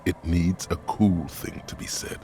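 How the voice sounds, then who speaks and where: An actor voicing a sardonic male inner voice that narrates a game in a dry, mocking way, with a gravelly tone. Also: sits low, unhurried, mellow.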